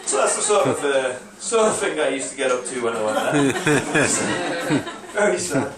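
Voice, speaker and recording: A man doing a stand-up comedy set, rambling through a story and acting out drunk clubbers in shouted bursts. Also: medium pitch, animated, normal speed, over a noisy crowd. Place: comedy club stage, live audience. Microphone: phone recording from the audience. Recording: very echoey room, far from the phone.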